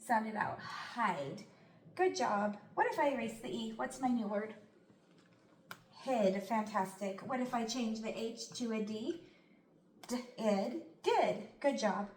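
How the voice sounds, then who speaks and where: A woman teaching a phonics lesson, slowly sounding out words and praising often. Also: a little high, slight background noise. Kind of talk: slow, clear classroom instruction. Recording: echoey room.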